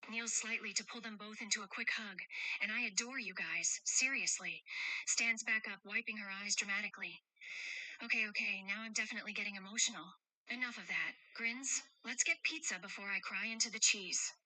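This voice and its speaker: Woman playing a gentle, teasing guardian of two kids, bright dry voice, reads her own actions aloud. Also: medium pitch, brisk, no echo, low-quality recording. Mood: tender, playful. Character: caring adult woman protecting two children. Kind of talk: role-play chat read aloud with stage directions.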